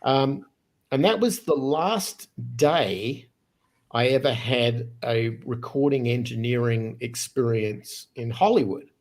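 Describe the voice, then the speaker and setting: A man in his fifties, originally from Australia, tells a personal story as a podcast guest. He's lively, casual and quick, often restarting his phrases, and his voice sits in the mid range.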